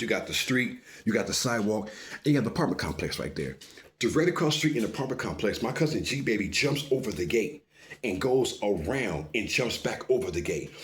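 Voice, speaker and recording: A man telling a story in a casual, animated way, full of profanity and asides, often stopping to tell the listener to pay attention. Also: fairly low pitch.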